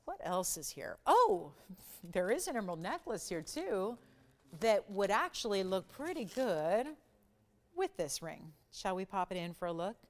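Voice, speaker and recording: A woman hosting a live shopping channel jewelry show, giving an enthusiastic, chatty sales pitch. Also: sing-song, moderate pace.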